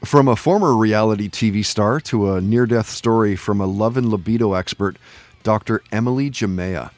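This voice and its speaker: A man's voice: on the low side, normal speed, a little mellow, dry recording, soft background music. A man hosting a podcast, reading plugs and introducing guests in an upbeat, conversational way. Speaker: podcast host.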